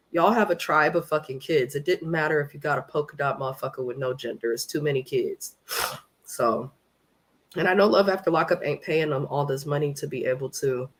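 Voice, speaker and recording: A woman from California hosting a casual live recap of a reality show, talking in a blunt, profane and opinionated way. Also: low-pitched.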